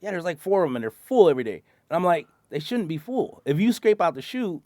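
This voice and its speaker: A man's voice: a little high, sing-song, quick pace, warm tone, no room sound, studio quality. A man in casual bar talk, telling profane stories about his job as a concrete truck driver and acting out his coworkers.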